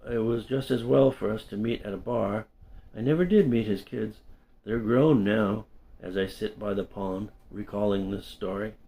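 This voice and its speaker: A middle-aged man reading his own memoir aloud in an unhurried, conversational way with small self-corrections. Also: mid-range voice, vocal fry, dark tone. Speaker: storyteller and English teacher.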